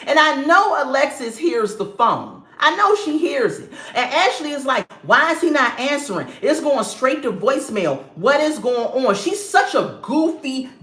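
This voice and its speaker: A young woman talks through a reality episode like she's gossiping with friends, sassy and quick to laugh. Her voice sits a little high and jumps all over the place as she acts out the people she describes. The room has a noticeable echo. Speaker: reality TV recap vlogger. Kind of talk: casual review commentary. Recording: roomy echo.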